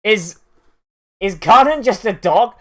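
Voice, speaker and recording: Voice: medium pitch, lively intonation, takes it slowly. Chatty anime reaction host, rambly, lots of likes, bouncy up and down voice. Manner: rambling, filler-heavy "like" talk with laughs. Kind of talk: casual watch-along commentary.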